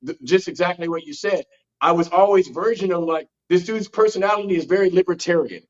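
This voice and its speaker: A man's voice: high-pitched, a little fast. A man co-hosting a podcast in casual chat, rambling and restarting sentences, swearing casually. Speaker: podcast co-host. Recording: slightly dull lo-fi sound.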